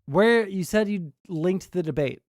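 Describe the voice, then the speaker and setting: A man with a fairly high voice talks through a casual stream reaction. He rambles, swears freely and drifts off in the middle of sentences, and the sound is dry and close. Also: animated, a little slow, a little mellow, dry recording. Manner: rambling, profane, trailing off.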